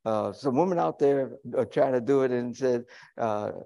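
A man's voice: medium pitch, normal speed, gravelly, dark tone. A male pastor preaching a sermon in a folksy, conversational way, with humorous asides to the congregation.

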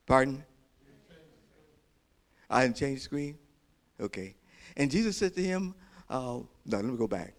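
A man preaching a sermon as pastor, repeating short exhortations and building into loud, excited storytelling. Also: medium pitch, a little slow, long pauses. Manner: emphatic, repeats key phrases as exhortation.

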